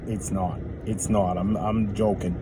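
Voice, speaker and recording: A man's voice: on the low side, level tone, measured pace, background noise. A man, a rideshare driver rambling in a casual, jokey, self-mocking monologue full of asides.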